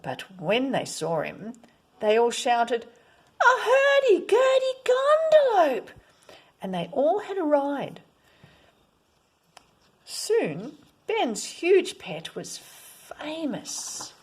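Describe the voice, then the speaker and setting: A woman reading a children's picture book aloud, expressive, at times dropping to a whisper. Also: fairly high pitch, extremely slow, breathy edge. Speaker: storyteller.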